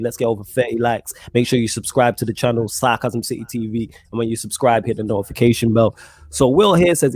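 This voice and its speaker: A man co-hosting a football podcast, chatting in a slangy, animated way and reading out viewer comments. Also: medium pitch, husky, no room sound. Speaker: podcast co-host. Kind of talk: casual football podcast chat.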